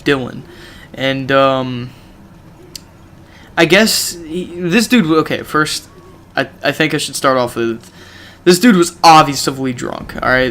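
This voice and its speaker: A man's voice: medium pitch, a bit bright, a little hiss or hum. A man from a gaming channel telling a story casually, rambling with lots of "you know" and "like".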